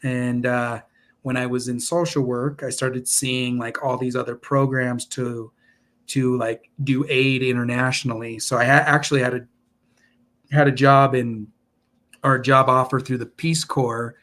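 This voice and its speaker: A man's voice: mid-range voice, little pitch movement, unhurried, fairly bright tone. A man in his forties, a podcast guest telling his story in an earnest, rambling way with many restarts. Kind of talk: casual interview storytelling.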